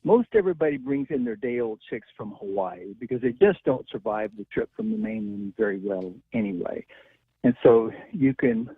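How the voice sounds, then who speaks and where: A veterinarian calling in by phone, explaining things in a chatty way and chuckling easily. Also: male voice, medium pitch, wildly swooping pitch, normal speed, creaky, husky. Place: on the phone, away from the studio. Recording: tinny phone line.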